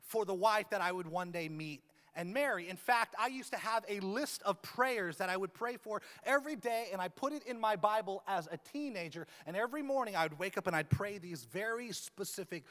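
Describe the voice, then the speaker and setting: High-voiced man preaching in a reverberant church. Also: expressive, a little fast, hardly any pauses, a bit bright. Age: 30s. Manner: humorous and self-deprecating. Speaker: pastor. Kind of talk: sermon with opening prayer. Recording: long reverb of a large church hall.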